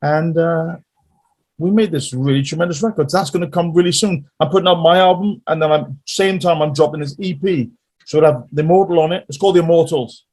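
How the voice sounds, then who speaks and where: A man telling stories as a guest musician in a casual interview, animated and rambling. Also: on the high side, a little fast.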